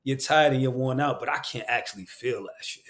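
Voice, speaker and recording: A man's voice: medium pitch, brisk, fairly bright tone. A man from Queens, an actor and voice actor talking as a guest on a casual podcast, candid and emphatic, with lots of slang and swearing. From Queens, New York.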